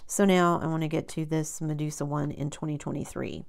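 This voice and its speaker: A woman's voice: low-pitched, fairly even intonation, brisk, vocal fry, darkish tone. A woman hosting her own crafting channel, talking in a rambling, chatty way with many ums and self-corrections. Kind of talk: casual chat.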